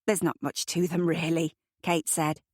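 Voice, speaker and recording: A brisk, bustling woman hosting a family dinner, her voice lowish and dry. A woman reads her in an audiobook. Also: flat delivery, a little mellow, no echo.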